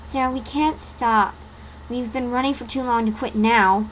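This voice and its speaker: A woman voicing a calm teenage boy who speaks softly and reassuringly. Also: a little high, normal speed, a little hiss or hum, lightly acted, rough recording. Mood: soothing.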